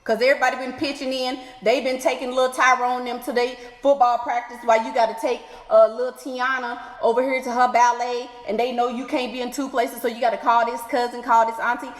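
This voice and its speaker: Woman, sassy advice vlogger, high voice, echoey room with long ringing reverb. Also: level tone. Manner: sassy, exclaiming, playful drawn-out asides. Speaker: advice vlogger reading letters. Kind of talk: animated advice commentary.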